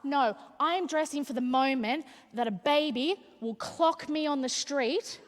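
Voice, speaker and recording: A young woman doing brash, animated stand-up comedy and teasing the crowd from a stage. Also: high-pitched, measured pace, hardly any pauses. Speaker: stand-up comic speaker. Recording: long hall reverb.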